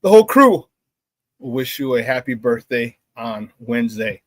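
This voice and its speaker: A man hosting a live sports talk show, hyped and loud, with casual slangy banter as he reads out chat shout-outs. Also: medium pitch, big pitch swings, normal speed, no echo.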